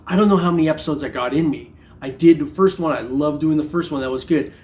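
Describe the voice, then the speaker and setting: A man's voice: on the high side, fast talker, darkish tone. A middle-aged man vlogging about his metal detecting hobby in casual, joking chat, rambling with lots of fillers. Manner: laid-back, joking, rambling with many fillers.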